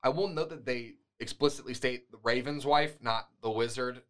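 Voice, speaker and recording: A man's voice: mid-range voice, normal speed, a bit bright. A man co-hosting a podcast, reading a fairytale aloud and breaking off with wry, joking comments. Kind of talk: casual storytelling with asides.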